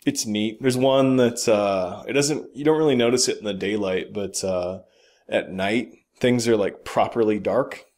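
A man's voice: on the low side, unhurried, a little mellow. A man co-hosting a podcast, chatting casually about games and movies with blunt, opinionated remarks and casual swearing. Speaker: podcast co-host.

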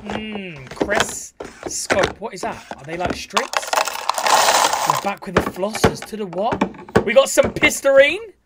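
A man's voice: high-pitched, slow pace, heavy background noise. A man gushing through cheeky, camp reaction commentary. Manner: camp, cheeky, gasping and squealing. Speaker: reaction video host.

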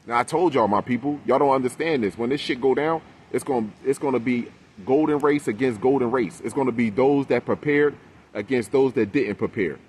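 A man's voice: medium pitch, a little hiss or hum. A man in an impassioned, profane rant, preaching to his audience as "my people".

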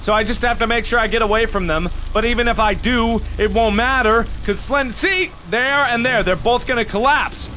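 A young man in his twenties commentating a horror game playthrough, shouting in frustration and ranting between panicked outbursts. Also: extremely high pitch, normal speed, few pauses, slight background noise. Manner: loud frantic shouting and exasperated ranting. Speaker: gaming video host.

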